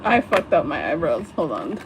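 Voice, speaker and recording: A woman's voice: deep voice, very animated, moderate pace, noisy background. A young woman chatting casually on a livestream while she does her makeup at home, rambling, laughing often and swearing. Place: home, at a vanity mirror.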